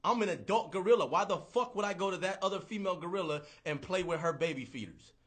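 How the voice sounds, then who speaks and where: A man's voice: high-pitched, quick pace, fairly bright tone. A man voicing a scornful grown male gorilla who curses and mocks. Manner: profane, mocking.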